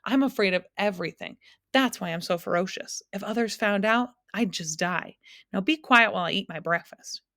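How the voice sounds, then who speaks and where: A woman's voice: medium pitch, moderate pace, sharp tone, no echo, clean studio sound. A woman reading aloud and voicing a nervous, shapeless male giant who hedges everything he says. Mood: fretful. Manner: hedging, roaring then fretful.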